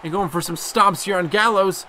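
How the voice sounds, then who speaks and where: A young man giving excitable play-by-play commentary on a video game wrestling match, casually swearing. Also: high voice, moderate pace, a little hiss or hum. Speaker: gameplay commentator.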